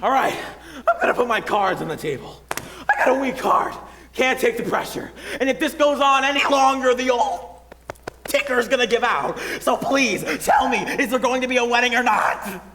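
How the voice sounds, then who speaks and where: A man's voice: very high voice, lively intonation, bright, forceful tone, heavily acted. A young man playing an anxious, blustering theater producer, recorded in an auditorium. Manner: blustering, fast-talking. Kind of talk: stage musical performance. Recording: echoey auditorium, faint noise.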